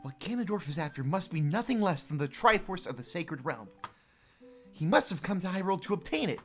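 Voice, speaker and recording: A woman's voice: fairly low pitch, sing-song, brisk, soft background music, pitched above the performer's own voice. A woman reading as an earnest young princess.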